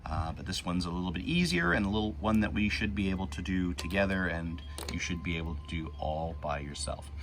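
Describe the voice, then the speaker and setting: A man teaching young children to read, reading a picture book slowly and patiently, word by word. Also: sits low, lively intonation, fairly bright tone, slight background noise.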